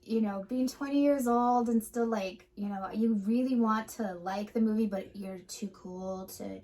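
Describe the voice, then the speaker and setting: A woman's voice: medium pitch, unhurried, dark tone. A woman in her late thirties co-hosting a casual movie reaction chat, talking with many fillers. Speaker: co-host.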